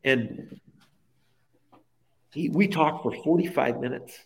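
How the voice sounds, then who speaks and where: A man's voice: medium pitch, slow pace, pauses often, a little mellow. A man speaking as a guest in a podcast interview, telling a personal faith story in an earnest, heartfelt way that stacks phrases one onto the next.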